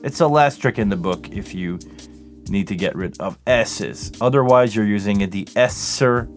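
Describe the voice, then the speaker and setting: A man from Montreal, hosting a live Q&A stream and explaining sound settings as he adjusts them, speaking close into a vocal microphone. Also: on the low side. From Montreal, Canada. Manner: hands-on, explanatory, talks while adjusting settings. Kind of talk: live-stream tech demo and Q&A. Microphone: close vocal microphone running through a mixing console.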